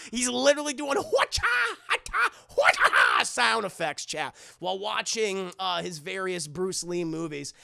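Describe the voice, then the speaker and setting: A man's voice: high-pitched, expressive, moderate pace, gravelly, few pauses, bright, forceful tone, dry recording, studio quality. A man giving a rambling, sarcastic and profane movie recap to his chat. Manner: sarcastic, rambling, swears often.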